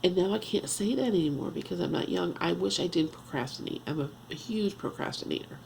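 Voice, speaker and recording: A woman in her fifties talking at home in a confessional vlog, halting and earnest, restarting often as she searches for words. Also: on the low side, vocal fry, a little mellow, a little hiss or hum, low-quality recording. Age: 50s. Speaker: vlogger.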